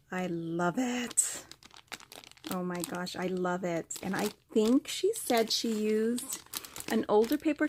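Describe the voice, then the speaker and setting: A woman's voice: mid-range voice, a little mellow, slight background noise. A woman vlogger opening craft mail, gushing, gasping and squealing with delight as she talks to the camera. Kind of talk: excited unboxing chat to camera.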